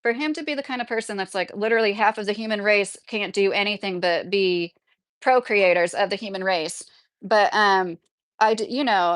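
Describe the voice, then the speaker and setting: A woman's voice: medium pitch, moderate pace, a bit bright, no echo. A woman hosting a livestream, chatting casually with her viewers, rambling and full of "like.". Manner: rambling, filler-heavy with frequent "like". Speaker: livestream host reading chat. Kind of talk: casual live chat.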